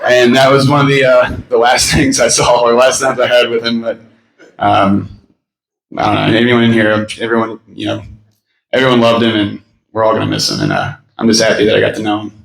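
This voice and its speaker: A man's voice: mid-range voice, a little fast, gravelly, echoey room, noisy background. A man in his thirties giving a rambling, story-filled memorial speech with fillers and laughter. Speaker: eulogy speaker. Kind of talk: memorial speech with personal stories. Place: memorial gathering in a room.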